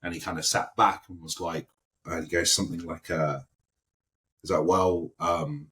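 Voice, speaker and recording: A man from London, an actor guest, telling a casual anecdote with animated storytelling and lively quoted impressions. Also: deep voice, moderate pace.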